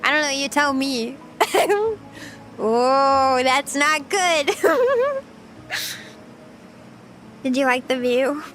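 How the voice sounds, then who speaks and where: A woman's voice: high-pitched, fairly even intonation, measured pace, few pauses, a bit bright, slight background noise. A young woman streaming casual chat, playful and chatty, often giggling as she reads her chat. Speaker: VTuber streamer.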